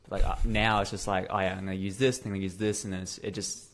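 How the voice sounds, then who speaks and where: A man talks through a casual podcast chat in a low voice. He packs his talk with fillers and repeats himself as he works out what to say. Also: fast talker. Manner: filler-heavy, repeats words, animated. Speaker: podcast co-host.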